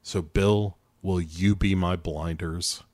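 A man with a fairly low voice retells a TV episode in casual chat. He acts out the characters' lines with swearing and bursts of laughter. The sound is close and dry, with no room around it. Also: slow, no room sound. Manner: animated retelling, acting out quotes with swearing and laughs. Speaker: podcast co-host recapping a TV episode.

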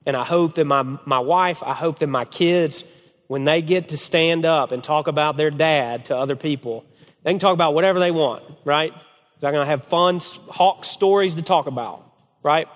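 Speaking in a large hall, this family pastor addresses a men's group with a voice on the high side at normal speed. He preaches through lively stories, often checking in with "okay?"

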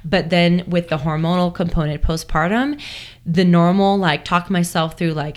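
Chatty young woman with a low voice. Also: moderate pace. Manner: chatty, many fillers and restarts, acts out inner voices. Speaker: guest. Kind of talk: casual conversational interview.

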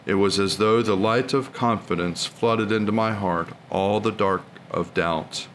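Low voiced man reading prayers and devotions, steady and reverent, bit of hiss. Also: unhurried.

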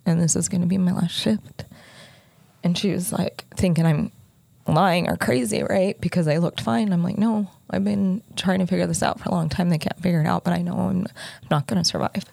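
Middle-aged woman, podcast host, candid storytelling, flat low delivery, dry close sound. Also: brisk, creaky, no room sound. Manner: candid, conversational, lots of filler "like". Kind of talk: personal storytelling.

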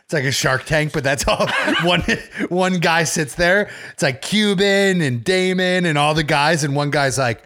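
A man's voice: fairly high pitch, a little slow, hardly any pauses, bright, forceful tone. A man co-hosting a podcast in casual chat, telling jokes with put-on quotes. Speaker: podcast co-host.

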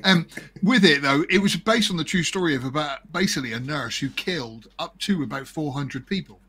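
Bright-voiced man hosting a chat. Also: fairly high pitch, lively intonation, a little fast, breathy edge. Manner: rambling, laughing, jumpy loudness. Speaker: podcast host. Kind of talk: casual chat reviewing films.

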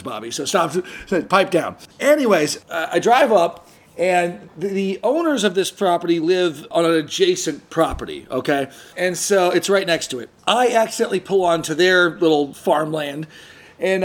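A man with a fairly high voice tells a story on a casual podcast. He is animated, jumps into the voices of the people in the story, and trips over his words as he goes. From San Diego area. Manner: animated, acts out quoted voices, frequent restarts. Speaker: podcast host.

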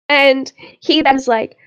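A woman's voice: high voice, fairly even intonation, drawn-out words, a bit bright, muffled recording. A woman co-hosting a podcast, chatting casually about a TV episode, laughing often and swearing freely. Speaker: podcast co-host. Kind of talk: casual chat recapping a TV episode.

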